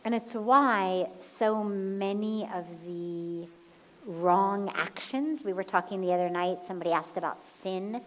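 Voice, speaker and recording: Woman spiritual teacher, unhurried and calm, guides breathing, slow delivery. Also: medium pitch, rough recording. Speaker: spiritual teacher answering questions. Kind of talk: slow, gentle satsang talk. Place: satsang hall.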